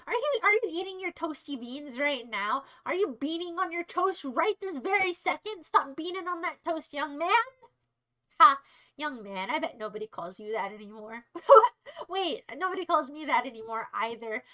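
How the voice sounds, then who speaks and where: Young american woman rambling at her stream chat, teasing and sassy, high voice. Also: bright, forceful tone, rough recording. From United States. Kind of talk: casual livestream chat to viewers.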